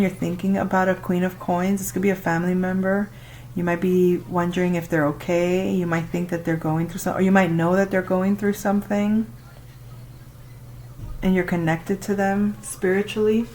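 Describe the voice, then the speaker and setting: A woman doing a casual tarot reading, talking to the listener and reacting out loud with exclamations as she turns the cards. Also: fairly low pitch, flat delivery, normal speed, slight background noise, rough recording. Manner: chatty, exclaims and laughs while reading cards. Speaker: tarot reader.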